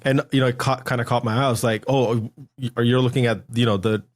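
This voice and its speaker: A man hosting a podcast, talking at an everyday middle pitch. He chats casually and reacts with eager enthusiasm. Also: fairly even intonation, quick pace. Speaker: podcast host. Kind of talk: casual chat.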